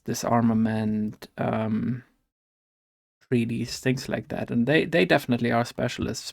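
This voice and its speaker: A man's voice: mid-range voice, creaky, darkish tone. A man with a German accent and a German first language, chatting casually while he plays a game, rambling and thinking aloud with many fillers and restarts. He mentions having allergies. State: has allergies. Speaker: gaming vlogger.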